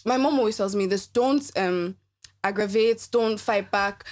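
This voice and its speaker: A woman's voice: medium pitch, a little slow, darkish tone. A young woman guest on a podcast, chatting casually and animatedly, laughing often and restarting her sentences. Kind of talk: casual chat.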